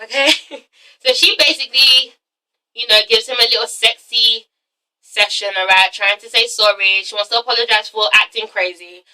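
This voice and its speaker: A sassy woman recapping reality TV, swearing freely and punctuating everything with "okay?". Her voice is high and piercingly bright, and she sits some distance from the mic. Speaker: reviewer, channel host. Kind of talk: casual profane TV-recap vlog.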